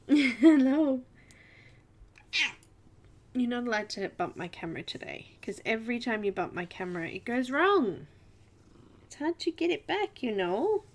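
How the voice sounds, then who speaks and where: A woman's voice: a little high, sing-song, a little slow, pauses often. An Australian woman hosting a casual livestream, chatting away and greeting viewers by name. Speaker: livestream host.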